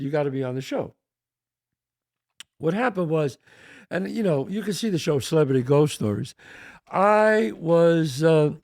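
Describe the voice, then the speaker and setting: An older man with a New York accent, hosting a podcast and telling a long story in a rambling, animated way, swearing now and then. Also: medium pitch, creaky, no echo, clean studio sound. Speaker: podcast host. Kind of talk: casual storytelling.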